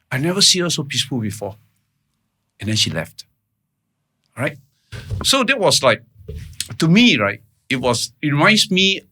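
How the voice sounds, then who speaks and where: In an interview, a male guest with a mid-range, pushed and bright voice earnestly retells a personal story in plain language. He keeps checking in with "right?" and "all right?"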